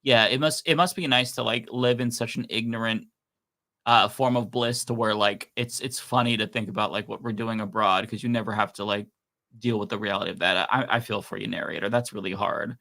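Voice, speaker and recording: A man with a bright, forward voice talks casually on a livestream. He rambles through fillers and restarts, reads donor messages aloud, and laughs easily. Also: on the low side, fairly even intonation, brisk, creaky. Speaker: co-host reading donations.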